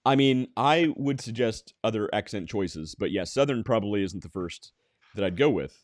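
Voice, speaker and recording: A man's voice: on the low side, expressive, normal speed, no room sound. A man hosting a podcast in casual chat, making dry jokes and reading headlines aloud. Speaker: podcast host.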